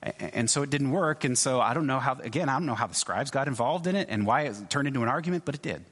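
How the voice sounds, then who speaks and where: A man giving a sermon as a pastor, in a conversational, halting way with many restarts and asides. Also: mid-range voice, animated, a bit bright, breathy edge. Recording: long hall reverb.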